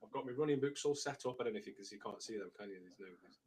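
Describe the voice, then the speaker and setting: A man hosts a running podcast from his home office, chatting casually and laughing at himself. His mid-range voice races along with a slightly mellow quality.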